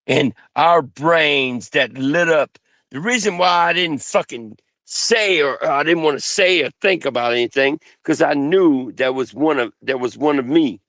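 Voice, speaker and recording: Man, grandiose profane rant, slow, dry close sound. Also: a little high, a bit bright, dry recording. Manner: grandiose, threatening, swears constantly, slow drawn-out delivery.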